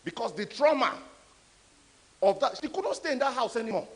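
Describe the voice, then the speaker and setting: A man giving a conference talk, an animated, emphatic storyteller. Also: extremely high pitch, normal speed. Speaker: conference speaker. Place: conference hall. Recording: echoey hall.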